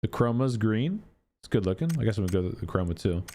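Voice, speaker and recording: A man's voice: fairly low pitch, animated, quick pace, dark tone. A man giving casual gameplay commentary as a gaming YouTuber, thinking aloud in a chatty way with many filler words.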